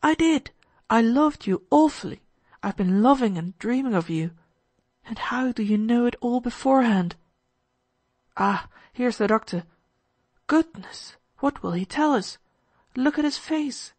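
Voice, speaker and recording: A woman doing an excitable teenage boy. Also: a little high, a little slow, long pauses, dry recording, pitched above the performer's own voice. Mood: excited. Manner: gushing, breathless enthusiasm. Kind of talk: audiobook character voice.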